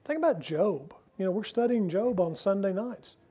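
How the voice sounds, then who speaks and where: A man preaching a sermon as pastor, earnest and emphatic, asking rhetorical questions and slowing down to stress key phrases. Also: high-pitched, lively intonation, warm tone, husky.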